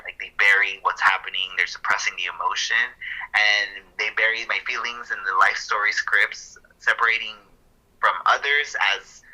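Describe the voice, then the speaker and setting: On a roughly recorded podcast, a male co-host talks through counseling ideas in a casual, thoughtful manner, using fillers and quickly correcting himself. His voice is fairly low with a sharp tone.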